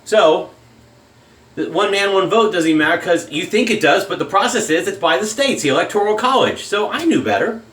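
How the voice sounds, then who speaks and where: In an echoey, hard-surfaced room, a drawling man who makes shaving vlogs fires off an angry, expletive-laden political rant on home video. He's expressive and brisk, with a fairly bright voice that sits slightly high for a man.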